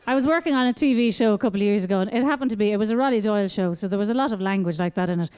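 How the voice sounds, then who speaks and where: An Irish woman doing stand-up on a club stage, her voice pitched high and bouncing wildly up and down. She talks in an animated, sing-song, baby-talk way. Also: rapid-fire, hardly any pauses, background noise. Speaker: stand-up comedian. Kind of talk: stand-up comedy routine.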